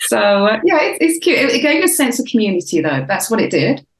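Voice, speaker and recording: A woman's voice: on the high side, big pitch swings, fast, echoey room, poor audio. Reflective woman in her sixties, faded Cockney. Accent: English, faded Cockney. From Southeast London, England. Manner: reflective, many fillers and restarts. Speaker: author and guest. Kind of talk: casual interview talk.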